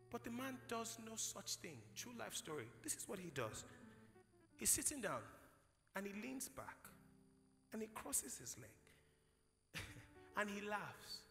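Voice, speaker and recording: Young Nigerian pastor, animated sermon storyteller, very bright tone, hall echo. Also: male voice, high voice, normal speed, long pauses, soft background music. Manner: storytelling, acts out dialogue, builds to shouted preaching. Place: large hall, live conference.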